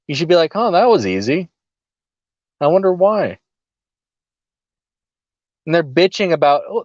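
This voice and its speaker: A man's voice: on the high side, dry recording, lo-fi sound. A man co-hosting a political podcast, talking casually with a sarcastic, mocking edge and frequent laughs. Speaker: podcast co-host.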